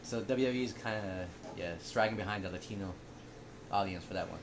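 A man's voice: on the low side, fairly quick, noisy background. A man co-hosting a casual podcast chat, joking and rambling, often laughing. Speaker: podcast co-host.

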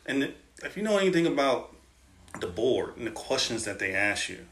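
A man's voice of ordinary pitch spins army yarns in a relaxed, chatty way, slipping into the voices of the people in his stories. He sounds like he is in a room with plenty of echo. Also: moderate pace. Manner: lively storyteller, quotes others in his tales. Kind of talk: casual storytelling. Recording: roomy echoing room.

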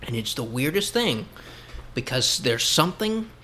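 A young man with a Texan accent chatting casually with a friend, laid-back and quick to laugh. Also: medium pitch, sing-song, bright, forceful tone, slight background noise. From Texas. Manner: laid-back, laughs often, says dude. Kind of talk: casual chat.

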